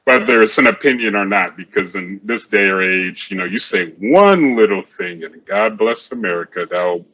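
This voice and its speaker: A man's voice: on the low side, animated, normal speed, bright, forceful tone, highs cut off. A man co-hosting a casual sports chat show, rambling and often repeating himself. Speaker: podcast co-host.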